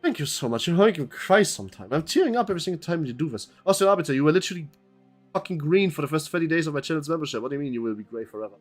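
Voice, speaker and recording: Fast-talking chatty male streamer. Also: on the high side, sing-song, faint music behind. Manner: rambling, chatty, thanks chat members, swears. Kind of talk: casual gameplay commentary, reading game text aloud.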